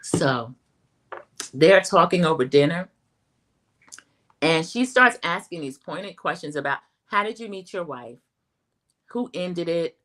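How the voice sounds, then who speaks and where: A woman's voice: lowish voice, slow, long pauses. Chatty middle-aged woman recapping TV. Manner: chatty, animated, addresses viewers as y'all. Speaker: reality TV recap host. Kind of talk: casual recap commentary.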